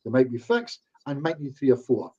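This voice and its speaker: A hypnotherapist guest chats casually in an online interview, acting out snippets of client talk as quoted asides. His mid-range voice is sing-song and fairly quick, with a darkish, husky tone on a muffled recording.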